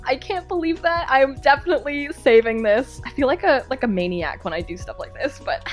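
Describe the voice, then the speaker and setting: A woman with a high, bright-sounding voice chats excitedly through an unboxing vlog. Her pitch leaps around as she gasps and exclaims over each gift. Soft music plays faintly underneath. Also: normal speed. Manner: gushing, gasping exclamations. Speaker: YouTuber unboxing fan mail.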